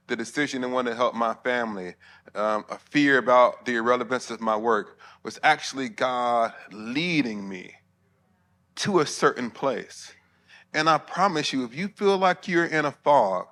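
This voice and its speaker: Middle-aged man, bright sharp tone, conference talk full of jokes and asides to the room. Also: medium pitch. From Alabama, US. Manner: humorous, conversational, with asides to the crowd. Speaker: preacher and theologian. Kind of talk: conference sermon. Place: conference hall before pastors.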